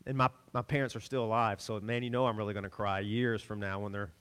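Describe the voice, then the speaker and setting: A middle-aged man from the American South preaching a sermon, telling stories with laughs and sudden swings between loud and soft. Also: fairly low pitch, flat delivery, fast talker, clear, resonant tone. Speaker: pastor.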